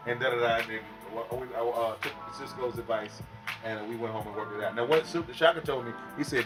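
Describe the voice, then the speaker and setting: A young man guesting on a casual podcast, telling stories in an animated, profane way and acting out other people's voices. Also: mid-range voice, a little fast, music in the background. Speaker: guest and concert host. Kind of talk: casual podcast chat, storytelling.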